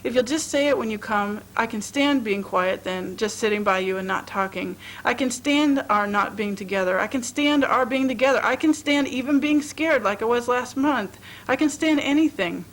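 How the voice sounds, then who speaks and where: A woman's voice: fairly high pitch, normal speed, few pauses, low-quality recording. A woman reading aloud and voicing a tired, lovesick young woman who pleads emotionally.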